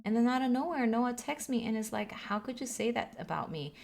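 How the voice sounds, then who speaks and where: A woman's voice: on the high side, expressive, a little fast, vocal fry, darkish tone, voice pushed up. A woman reading the lines of an upset teenage girl from a video game, rambling, hurt and exasperated. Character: upset teenage girl venting about friends.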